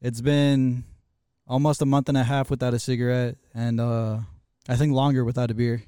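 A man's voice: mid-range voice, little pitch movement, normal speed, warm tone, smooth, dry recording, studio quality. A man hosting a podcast, joking and self-deprecating in casual chat. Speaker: podcast host.

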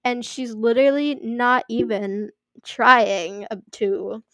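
A young woman with a fairly high voice reads online posts aloud, then drops into loose, chatty commentary. She leans on "like" a lot and apologizes for her reading slips. The sound is close and dry. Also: slow pace, fairly bright tone, dry recording. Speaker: story reader and commentator.

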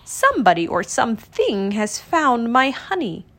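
A woman voicing a gentle, simple-minded male teddy bear in a storybook reading, with a mild, wondering manner. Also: fairly high pitch, huge pitch swings, unhurried, full character voice.

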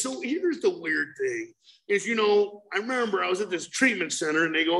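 Animated high-voiced man telling his story. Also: fairly quick, creaky, low-quality recording. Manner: animated storytelling with bursts of shouting, repetitive fillers. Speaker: speaker at a recovery meeting. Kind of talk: personal recovery share.

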